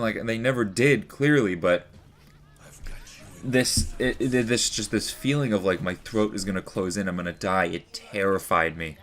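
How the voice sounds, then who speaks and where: A man's voice: lowish voice, normal speed, fairly bright tone. A young man telling a personal story to the camera in a rambling, earnest way, full of "like" and "you know". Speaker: vlogger.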